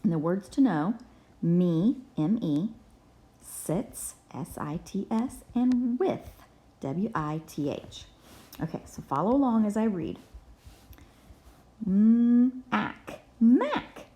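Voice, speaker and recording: A woman's voice: lowish voice, expressive, measured pace, mellow. A woman teacher giving a reading lesson to young children, patiently spelling words out letter by letter.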